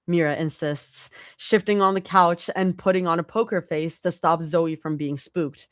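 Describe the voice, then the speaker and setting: A woman's voice: on the low side, moderate pace, hardly any pauses, no echo, clean studio sound. A woman doing a casual live reading of a story, with small slips and restarts. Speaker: fanfic reader.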